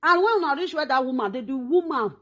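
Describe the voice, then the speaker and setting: A woman's voice: high-pitched, expressive, fast, fairly bright tone. A Nigerian woman hosting her own talk show, delivering a scolding, insulting rant. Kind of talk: social media rant.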